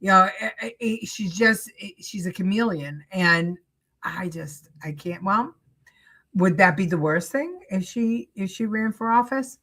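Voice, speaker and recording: A woman's voice: mid-range voice, measured pace, a bit bright. A woman hosting a political talk show, chatting casually and reading viewer comments, with lots of fillers and restarts. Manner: chatty, laughs often, many fillers and restarts.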